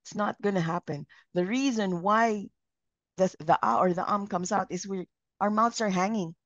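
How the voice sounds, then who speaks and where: At normal speed and in a mid-range voice, a Filipino-accented woman hosts a live training on communication, mixing Tagalog and English and questioning the group to keep them involved. The audio is dull and lo-fi, with no room sound.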